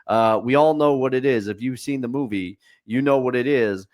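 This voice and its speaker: A man's voice: mid-range voice, normal speed, darkish tone. A man co-hosting a podcast, giving a casual, opinionated movie review and ticking off his points like a running list. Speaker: podcast co-host.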